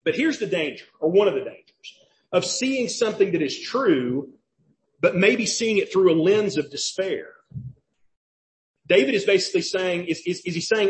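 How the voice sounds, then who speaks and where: A man's voice: sits high, animated, normal speed. A man with a Southern US accent preaching a sermon as pastor, emphatic and questioning, repeating key phrases.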